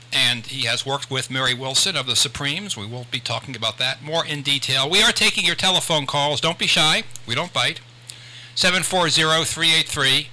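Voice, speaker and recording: A man's voice: fairly high pitch, pushed and bright, rough recording. An older man hosting a radio talk show, chatting in a rambling way with many restarts. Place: radio studio.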